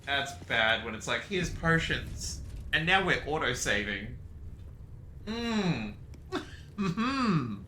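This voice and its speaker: A man's voice: medium pitch, sing-song, slow, pauses often, bright, forceful tone, echoey room, a little hiss or hum. A man giving casual, meandering commentary as he plays a video game, chatting to his cat along the way. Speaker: gaming streamer. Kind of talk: casual let's-play commentary.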